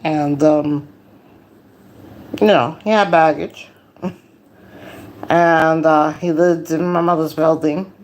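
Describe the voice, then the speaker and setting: Slow-talking woman losing her voice. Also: low voice, fairly even intonation, a little mellow. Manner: slow, confiding, preachy asides. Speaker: livestream host. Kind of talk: casual personal monologue.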